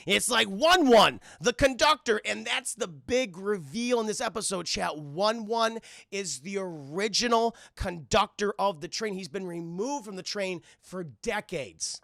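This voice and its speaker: A man's voice: sits high, lively intonation, measured pace, creaky, bright, forceful tone, dry recording, studio quality. A man casually recapping a cartoon episode on a live stream, rambling and swearing as he keeps talking to his chat.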